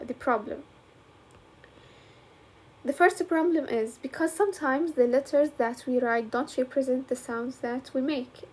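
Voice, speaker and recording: A woman teacher walks through a lesson step by step. She talks in a fairly high voice. She moves easily between English and colloquial as she explains. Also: a little hiss or hum. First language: Arabic.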